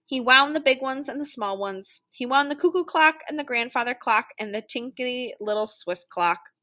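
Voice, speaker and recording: A woman reading a children's picture book aloud with playful, animated delivery. Her voice is bright and fairly high, leaping around in pitch as she voices the noises. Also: moderate pace. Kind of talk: storybook read-aloud.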